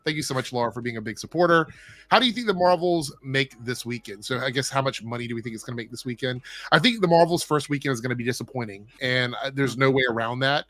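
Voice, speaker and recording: A man's voice: mid-range voice, fairly bright tone, dry recording. A man hosting a casual livestream chat, reading viewer messages and giving his opinions. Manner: opinionated, talks fast, reads viewer messages. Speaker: show host.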